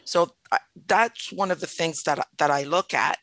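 A woman's voice: deep voice, normal speed, fairly bright tone, dry recording. A middle-aged woman from French Canada, an actor telling her career story as a podcast guest, thoughtful and often restarting her sentences. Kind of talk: casual interview storytelling.

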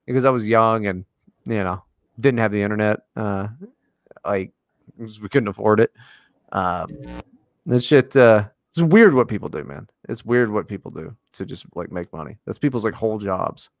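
A man's voice: lowish voice, normal speed, no echo, studio quality. A man co-hosting a podcast in casual chat, ranting and swearing with lots of energy. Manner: profane, ranting, animated. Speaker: podcast co-host.

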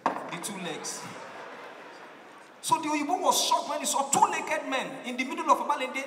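A man's voice: extremely high pitch, normal speed, reverberant, big-room sound, background noise. A man with a Nigerian accent doing stand-up comedy, telling a story and acting out its characters. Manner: animated storytelling, acting out voices, shouting punchlines.

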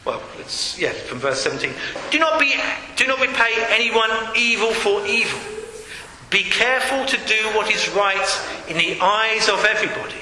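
Earnest pastor in an echoey church. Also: male voice, sits high, animated, normal speed, sharp tone, a little hiss or hum. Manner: earnest preaching, reads scripture aloud with acted quotes. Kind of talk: sermon. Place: church hall. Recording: echoey church hall with long reverb.

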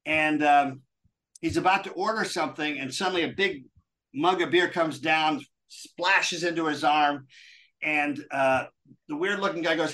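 Male podcast guest, lively storyteller, bright tone. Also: on the high side, measured pace. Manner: animated storyteller, friendly. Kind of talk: casual storytelling and chat.

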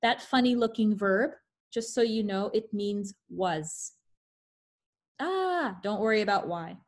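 A woman's voice: mid-range voice, animated, takes it slowly. A woman teaching French pronunciation on a video call, taking her time over each word. She reads the French examples out with care and drops in light, joking asides between them. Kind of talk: online class teaching pronunciation.

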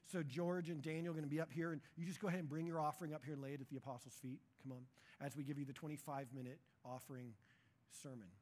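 A man putting on the voice of a slick, pushy prosperity-gospel preacher, coaxing a crowd with drawn-out, wheedling cadence. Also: fairly high pitch, little pitch movement, a little mellow, pitched below the performer's own voice, close to an everyday voice. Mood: coaxing showman.

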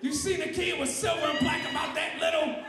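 A man voicing a cranky, foul-mouthed grown man who shouts, whines and hurls insults, on stage in a very echoey room. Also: extremely high pitch, steady tone, fast, creaky, loud music behind the voice. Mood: frantic. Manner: loud, whiny, insulting. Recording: very echoey room with faint crowd.

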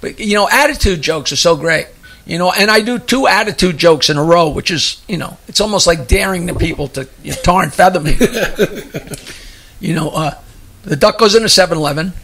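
A man's voice: high-pitched, a little fast, creaky, a bit bright. A male comedian chatting casually as a guest and telling jokes in a rambling style, chuckling as he goes. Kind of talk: casual chat and joke telling.

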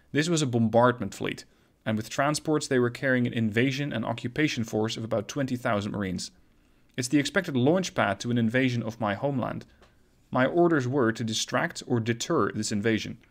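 A man's voice: mid-range voice, vocal fry. A man voicing an earnest, grave foreign male naval captain in a war story read aloud.

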